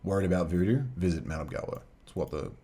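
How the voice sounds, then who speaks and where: This game master has a low, husky, dark-toned voice and talks fast. He plays a solo tabletop adventure book, reading passages aloud and chatting casually with his audience.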